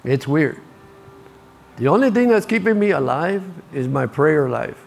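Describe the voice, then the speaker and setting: A man's voice: a little high, big pitch swings, a little slow, vocal fry, faint music behind. An older man preaching a sermon, telling stories and repeating key lines for emphasis.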